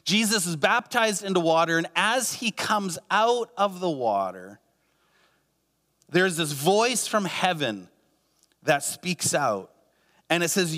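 A man's voice: high-pitched, very animated, slow, fairly bright tone, long reverb tail. A man preaching a sermon as a pastor, earnest, with many rhetorical questions and repeated phrases.

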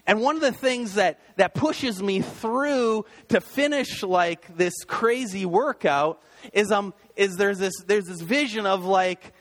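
A man's voice: high voice, takes it slowly, fairly bright tone. A man in his thirties preaching a casual, conversational sermon as a pastor, full of fillers and acted-out inner thoughts. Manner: conversational, many fillers and restarts, acts out inner voices.

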